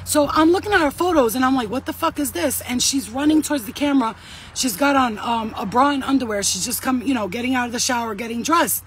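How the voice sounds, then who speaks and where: A woman's voice: a little high, fast, slight background noise. A woman in her thirties, sweaty and shaken, giving an urgent, blunt and profane talk to camera as a vlogger.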